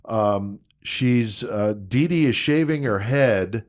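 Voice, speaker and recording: A man co-hosting a casual true-crime podcast. His voice sits at a middle pitch. He lays out the facts in a loose, profane, conversational way. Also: takes it slowly. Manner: laid-back, profane, recounting case details. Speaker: podcast co-host.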